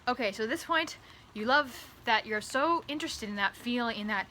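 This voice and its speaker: A woman with a fairly high, bright, sharp voice talks to camera in a comedic vlog monologue. She rambles, stumbles over repeated words and swings from loud, excited bursts to hushed asides. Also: normal speed, slight background noise. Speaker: author vlogger.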